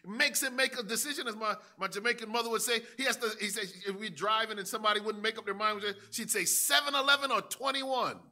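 A man preaching a sermon as pastor, dramatic and building up to shouts. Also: high-pitched, steady tone, quick pace, few pauses.

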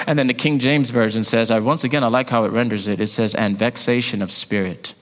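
A man of Jamaican heritage preaching a sermon, swinging from loud rising calls to hushed near-whispers. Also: mid-range voice, steady tone, brisk, few pauses. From Jamaican family. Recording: long hall reverb.

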